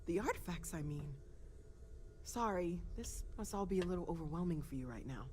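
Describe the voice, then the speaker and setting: A woman's voice: lowish voice, lively intonation, a little fast, a little mellow, a little hiss or hum, close to an everyday voice. An actress playing a friendly, earnest young woman scientist in a video game, talking eagerly and correcting herself mid-thought. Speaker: game character, a young researcher. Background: game music.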